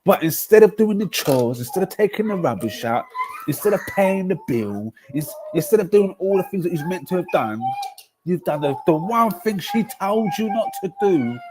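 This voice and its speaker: A man, hosting a casual football livestream, ranting in slang and swinging between loud outbursts and low mutters. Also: sing-song, normal speed, noisy background. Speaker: football streamer.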